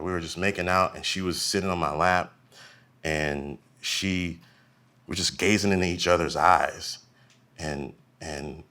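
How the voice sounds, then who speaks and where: A man in his forties doing a stand-up comedy set, telling stories and acting out the people in them. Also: low voice. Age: 40s. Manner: animated storytelling, acting out voices. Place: live comedy venue.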